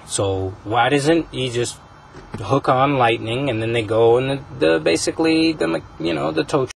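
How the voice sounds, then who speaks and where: A man hosting a casual podcast, rambling through a story pitch with many fillers. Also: moderate pace, vocal fry, a little hiss or hum, poor audio. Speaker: podcast host.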